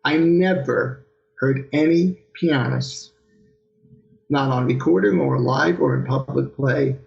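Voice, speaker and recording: A man with a gravelly, fry-edged voice spins animated anecdotes about his teaching days, slipping into quick impressions of his old teacher. The sound is a touch muffled and lo-fi. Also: mid-range voice. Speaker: pianist guest. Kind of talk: conversational storytelling interview.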